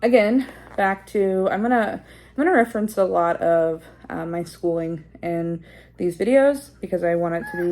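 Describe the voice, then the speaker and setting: Reflective, rambling woman with a lowish voice. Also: expressive, normal speed, darkish tone. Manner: reflective and rambling, with many fillers and restarts; explains like a teacher, checking in with "okay?" and "right?". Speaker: parenting vlogger. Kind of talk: casual talk to camera.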